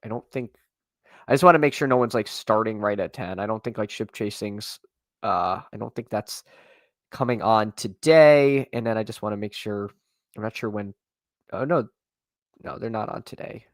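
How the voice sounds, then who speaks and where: A fantasy football drafter on a live stream rambles casually through his picks in a fairly low voice at a moderate pace, addressing his chat directly. He restarts sentences and uses fillers a lot, his voice is getting tired and slightly worn, and the sound is close and dry with no room echo.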